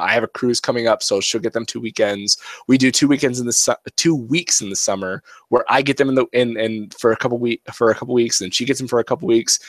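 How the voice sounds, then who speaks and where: A man's voice: medium pitch, no room sound. A man co-hosting a casual podcast chat, speaking in an earnest, reflective way and often repeating himself. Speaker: podcast co-host.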